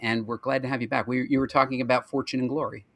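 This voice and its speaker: A man's voice: mid-range voice, level tone, fast talker, a bit bright, dry recording. A man hosting a live video-call show, chatting casually and joking as he reels off lists. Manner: chatty and jokey, rattling off lists. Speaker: podcast host. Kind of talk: casual live-stream chat.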